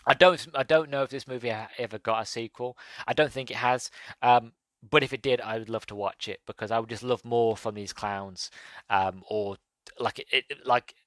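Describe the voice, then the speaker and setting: A man's voice: fairly low pitch, fairly bright tone, no room sound. A man hosting a podcast, casually reviewing a film in a rambling, enthusiastic way with many fillers. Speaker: podcast host. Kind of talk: casual movie review monologue.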